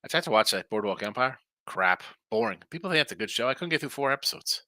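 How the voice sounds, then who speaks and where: This sports betting host sounds worn out and keeps yawning, yet his medium-pitched voice is expressive, quick, bright and forceful. He chats casually on a live stream, wandering from one viewer message to the next and responding to each. There's no room sound.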